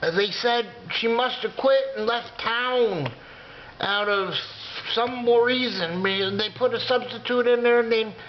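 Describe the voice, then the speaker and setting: A man in his sixties telling a comic story in a drawn-out, rambling way, sometimes dropping to a whisper. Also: extremely high pitch, a little hiss or hum. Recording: dull lo-fi recording.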